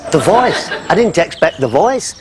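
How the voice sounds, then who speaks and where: A man's voice: a little high, sing-song, unhurried, a little hiss or hum. A man playing an ordinary, earnest man who tells a puzzling story with solemn care in a sitcom. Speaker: local man telling a story. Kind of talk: sitcom acting.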